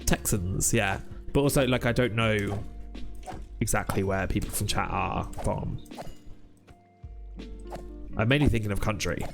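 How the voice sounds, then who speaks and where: British man, young adult, lowish gravelly voice, rambling live-stream chat, faint music behind. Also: unhurried, pauses often. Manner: rambling, chatty, lots of ums, reads chat aloud.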